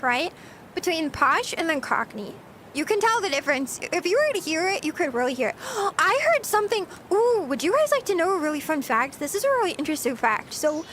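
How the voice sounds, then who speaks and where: A woman's voice: high-pitched, bright, forceful tone, a little hiss or hum. A woman streamer chatting casually with her live chat, giggly and talkative, answering questions as she goes.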